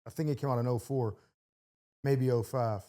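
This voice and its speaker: A man co-hosting a podcast, talking casually and retelling comedy bits with quick put-on voices. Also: medium pitch, fairly even intonation, dark tone.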